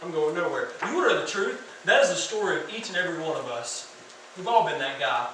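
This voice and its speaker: Male youth pastor, bright higher voice, lively sermon with crowd questions, distant echoey hall. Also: quick pace, slight background noise. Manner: animated preaching, asks the crowd questions. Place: church hall.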